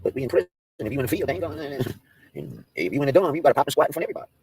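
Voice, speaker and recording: Brash, husky-voiced man trash-talking. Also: mid-range voice, very animated, rapid-fire, a little mellow, dry recording. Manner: brash, profane trash talk; mocking and roasting. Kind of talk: casual livestream rant.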